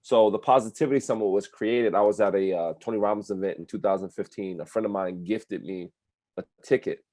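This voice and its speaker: A man's voice: lowish voice, fairly even intonation, fairly quick, a little mellow, dry recording. A man from New Jersey, a guest on a radio show, talking earnestly in casual interview style with lots of "like" fillers. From New Jersey, USA. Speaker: guest, speaker and coach.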